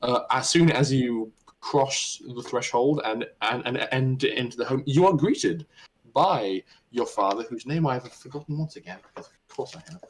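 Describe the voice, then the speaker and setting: A man running a tabletop role-playing session, describing scenes for his players. He stammers and restarts phrases often as he narrates, in a voice of middling pitch. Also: normal speed, a little hiss or hum, low-quality recording. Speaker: game master.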